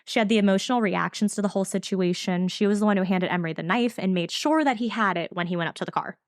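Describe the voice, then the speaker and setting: Reading from notes, a woman co-hosting a podcast tells a true-crime story in a quick, conversational, easygoing way. Her voice sits in the mid-range, and the recording is clean studio audio with no echo.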